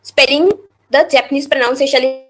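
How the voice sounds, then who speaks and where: High-voiced woman teaching slowly. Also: steady tone, a bit bright, rough recording. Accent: Indian English. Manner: slow, careful pronunciation with repeated words. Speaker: language teacher. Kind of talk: online teaching over screen share.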